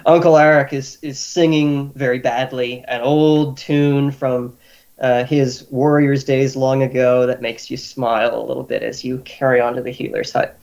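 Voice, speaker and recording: A man's voice: mid-range voice, level tone, normal speed, gravelly, darkish tone. A man running a tabletop game as game master, narrating in an easygoing way with many fillers.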